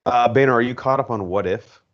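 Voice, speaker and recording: A man's voice: mid-range voice, brisk, dull audio, slight background noise. A man hosting a podcast, chatting enthusiastically in a casual way with frequent fillers. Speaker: podcast host. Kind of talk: casual chat.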